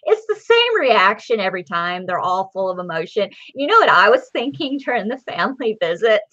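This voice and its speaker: A woman in her forties hosting a casual comedy podcast, crude and animated, with a dull lo-fi sound. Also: medium pitch, a little fast. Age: 40s. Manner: loud, crude, animated storytelling. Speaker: podcast host.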